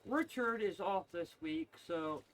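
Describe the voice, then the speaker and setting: Relaxed, hesitant man chatting. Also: high voice, measured pace, slight background noise. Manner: relaxed, hesitant, many fillers. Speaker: streamer's partner. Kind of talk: casual chat.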